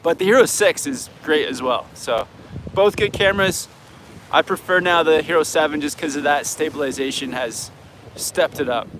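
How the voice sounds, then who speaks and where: High-voiced Canadian man, wind on mic. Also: moderate pace. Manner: easygoing, frank, thinks aloud. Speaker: snowboard coach and channel host. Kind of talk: live viewer Q&A chat.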